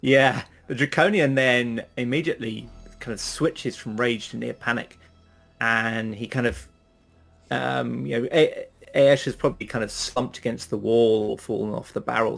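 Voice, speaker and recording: A man's voice: mid-range voice, vocal fry, a bit bright. A man running a tabletop game as game master, narrating with many hesitant fillers.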